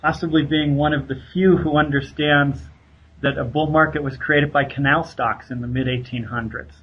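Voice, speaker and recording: Guy interviewing, kinda high voice, husky, dull lo-fi audio. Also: steady tone, moderate pace. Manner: asks long deferential questions. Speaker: podcast host, interviewer. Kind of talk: podcast interview.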